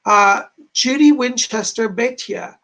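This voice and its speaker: A man's voice: very high-pitched, slow, gravelly, pushed and bright, low-quality recording. A man working as a psychic medium and giving readings on a livestream. He talks in a chatty, earnest, reassuring way and keeps passing on messages with "she said". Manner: retells messages with repeated "she said". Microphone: streaming from home to camera.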